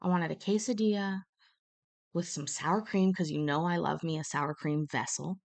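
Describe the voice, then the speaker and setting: A woman's voice: sits low, fairly even intonation, moderate pace, creaky, darkish tone. A woman live streaming from a hotel room, telling stories in a blunt, profane, casual chat.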